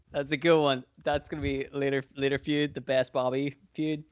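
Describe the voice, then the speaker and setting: Male podcast co-host, mid-pitched, rambly and profane, laughs a lot; dull lo-fi recording. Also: little pitch movement, normal speed, clean tone. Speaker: podcast co-host booking wrestling shows. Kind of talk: casual chat.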